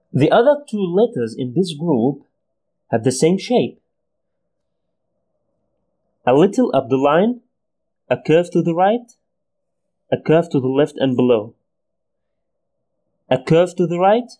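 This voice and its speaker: A man's voice: fairly high pitch, mellow. A man teaching letters and their sounds, patiently repeating each sound for learners. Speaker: Arabic language teacher. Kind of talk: slow, deliberate pronunciation lesson.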